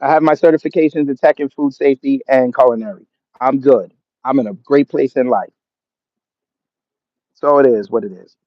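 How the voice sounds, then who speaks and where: A man of Jamaican background hosts a livestream, reading chat comments aloud and answering them with sarcasm and laughter. His medium-pitched voice runs at normal speed with long pauses. The dry recording has dull lo-fi stream audio.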